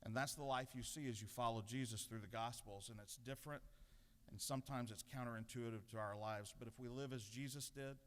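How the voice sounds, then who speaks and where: A middle-aged man gives an earnest devotional sermon at a podium, mixing self-deprecating stories with a spiritual challenge. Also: mid-range voice. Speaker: pastor giving a devotional. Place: large legislative chamber. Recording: long reverb in a large chamber.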